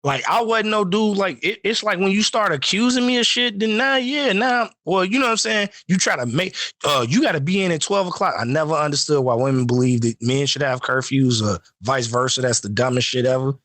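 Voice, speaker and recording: A man, co-hosting a casual podcast and telling profane, animated stories. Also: on the high side, brisk, few pauses, no echo. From Chicago. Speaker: podcast host. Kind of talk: casual chat.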